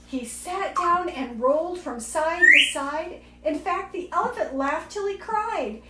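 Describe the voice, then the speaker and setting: A woman reads a rhyming picture book in a lilting, rhythmic voice. Her voice sits high and bright. The room is echoey and loud clicking runs behind her. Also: expressive, measured pace, distant mic, very noisy. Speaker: storybook reader. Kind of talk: reading a picture book aloud. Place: home room with a parrot.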